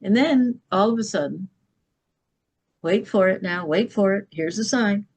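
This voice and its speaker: A woman's voice: medium pitch, measured pace, a little mellow, slightly rough. A middle-aged woman, a podcast guest, telling a personal story with emphasis and often checking in with "okay?".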